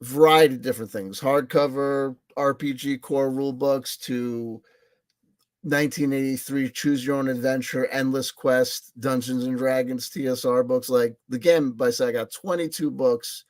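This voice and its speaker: Rambling excitable man, dry close sound. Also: mid-range voice, dry recording. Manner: excitable, repeats himself, swears; self-mocking, laughing asides. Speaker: vlogger. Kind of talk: rambling casual monologue.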